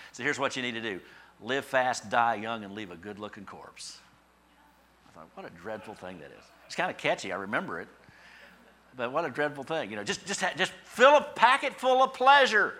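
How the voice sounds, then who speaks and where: Bright-voiced male pastor, conversational sermon. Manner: conversational storytelling, acts out quoted thoughts in a higher voice.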